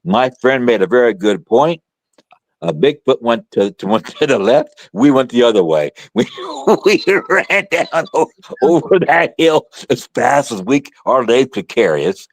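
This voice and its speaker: A middle-aged man recounting a story as a podcast guest, his voice leaping up and down in pitch as he acts it out. He talks in a colloquial way and often backs up to restart a sentence. The sound is dry, with no room echo. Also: big pitch swings, unhurried. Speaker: guest author. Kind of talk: casual storytelling in conversation.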